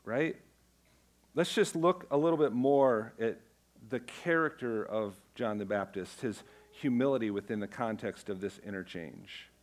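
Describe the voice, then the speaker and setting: A man preaching a sermon in an emphatic way, repeating key phrases and dropping his voice low for quoted words. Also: a little slow. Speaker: pastor.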